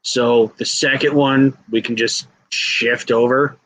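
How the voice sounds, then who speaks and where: A man co-hosting a casual fantasy-booking chat, halting and playful, acting out scenes as he talks. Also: mid-range voice, fairly even intonation, a bit bright, low-quality recording. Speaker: co-host.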